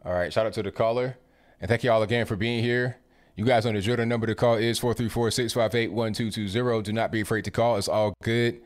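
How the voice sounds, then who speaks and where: A man's voice: lowish voice, steady tone, quick pace. A man hosting a call-in talk show, casual and conversational, with some stammered restarts.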